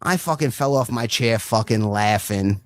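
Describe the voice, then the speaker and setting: A man's voice: lowish voice, moderate pace, no room sound. Rambling foul-mouthed comedian, man. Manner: rambling, swears constantly, says "right?" often. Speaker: stand-up comedian. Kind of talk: profane stand-up set.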